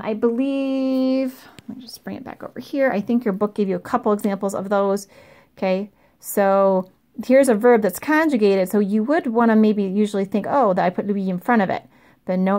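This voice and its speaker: A woman's voice: mid-range voice, a little mellow. A middle-aged woman teaching French in a recorded remote lesson, explaining in a friendly way with fillers and check-ins.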